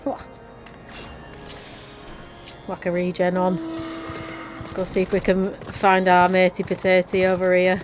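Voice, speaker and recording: A let's play gamer from Yorkshire, England, she rambles chattily through casual gameplay commentary in a fairly low, monotone voice at normal speed. Her talk is full of restarts and British slang, over background music on a rough recording.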